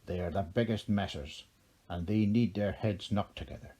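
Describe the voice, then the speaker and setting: A man's voice: low-pitched, normal speed, warm tone, slightly rough, voice pushed down. A man voicing a mischievous, teasing old leprechaun king in a lilting, playful storybook voice. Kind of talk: storybook character voice.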